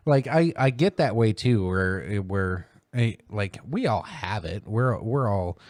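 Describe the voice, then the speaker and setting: A man's voice: animated, slow, a little mellow, no room sound, studio quality. A man hosting a casual podcast, ranting about politics with plenty of swearing and mocking impressions. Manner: profane, heated, mocking mimicry in high voice. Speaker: podcast host.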